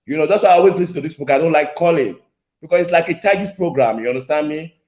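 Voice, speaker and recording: A man's voice: a little high, fast, darkish tone, highs cut off. A man calling in, repeating his points insistently and confronting the host. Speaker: caller. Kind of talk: heated call-in argument. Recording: echoey call-in line.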